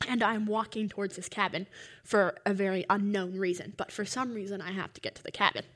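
A woman's voice: medium pitch, steady tone, a little fast, a bit bright. A young woman casually telling a long dream story, rambling and full of filler words.

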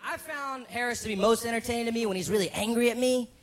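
A young man performing a stand-up comedy set, telling a story with animated delivery and mocking voices for the people he quotes. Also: extremely high pitch, quick pace. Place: comedy club stage. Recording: live club recording with crowd laughter. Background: audience laughing.

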